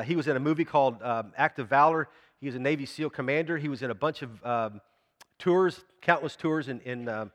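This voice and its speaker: A man's voice: mid-range voice, a bit bright, big-room sound. A man preaching a sermon in a church, talking conversationally and asking the congregation questions. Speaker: pastor.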